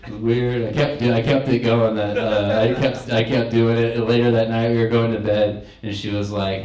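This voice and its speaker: A man's voice: mid-range voice, little pitch movement, normal speed, hardly any pauses, darkish tone. A young man performing a stand-up set in a comedy club, crude and conversational, laughing at his own jokes. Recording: echoey club room.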